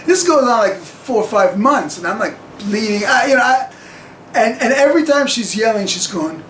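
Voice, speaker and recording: Guy rambling through a story on camera, higher voice, lots of um and uh, echoey room. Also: lively intonation, normal speed, a bit bright, a little hiss or hum. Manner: rambling, chuckling, full of fillers.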